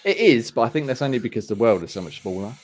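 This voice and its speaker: A man co-hosting a gaming podcast, talking in a relaxed, rambling way with casual swearing. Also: mid-range voice, fast talker, a crowd in the background. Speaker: podcast co-host.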